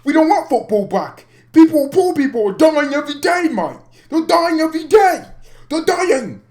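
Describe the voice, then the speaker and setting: A man voicing a ranting male English football fan in a put-on British accent, loud and exasperated. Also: very high voice, sing-song, normal speed, pitched above the performer's own voice.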